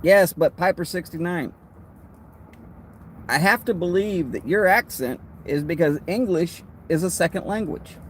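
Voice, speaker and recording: A man with a Texas accent hosting a casual livestream, talking in a relaxed, rambling way with friendly asides. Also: sits high, measured pace, a little hiss or hum. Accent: Texan. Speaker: host of a pipe-smoking livestream.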